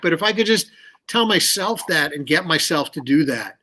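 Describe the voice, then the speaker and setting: A man telling candid stories as an interview guest, animated and swearing freely. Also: on the high side, normal speed. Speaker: guest musician. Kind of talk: casual storytelling.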